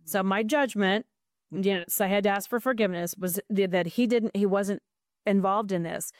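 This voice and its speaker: A woman's voice: mid-range voice, normal speed, no room sound, studio quality. A middle-aged woman, a podcast guest, telling a heartfelt story with earnest emotion and frequent restarts.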